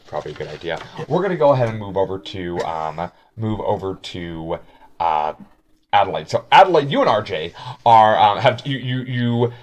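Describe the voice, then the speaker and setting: A man's voice: fairly low pitch, sing-song, moderate pace. A man narrating a tabletop game as game master, rambling with many fillers.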